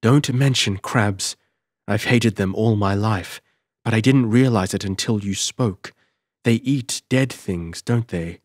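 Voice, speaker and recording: A man's voice: on the low side, takes it slowly, no echo, studio quality. A man voicing an uneasy young woman haunted by dread, speaking anxiously and hesitantly in an audiobook.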